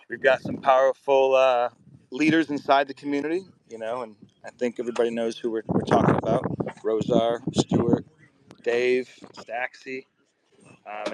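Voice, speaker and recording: A man's voice: medium pitch, background noise. A man chatting casually as a guest from a boat outdoors, laid-back with many ums. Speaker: guest community member. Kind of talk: casual chat.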